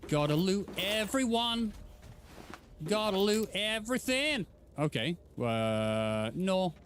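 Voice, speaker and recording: Excitable, joking streamer guy. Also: high voice, slow pace, a little hiss or hum. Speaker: gaming streamer. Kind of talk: casual let's play commentary.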